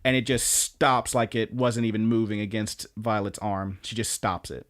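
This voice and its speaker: A man co-hosting a podcast, casually recapping anime episodes in an animated, storytelling way and swearing now and then. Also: fairly low pitch, normal speed. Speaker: podcast co-host.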